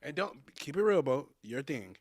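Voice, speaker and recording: A young man chatting casually on a livestream, animated and repetitive, piling up fillers as he tells a story. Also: on the high side, moderate pace. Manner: animated, repeats himself, lots of fillers. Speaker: livestream co-host.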